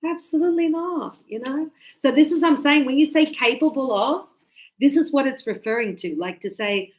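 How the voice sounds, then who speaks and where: A woman teaching a class, chatty and animated, acting out birds and her students as she explains. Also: fairly high pitch, normal speed, low-quality recording. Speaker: English teacher.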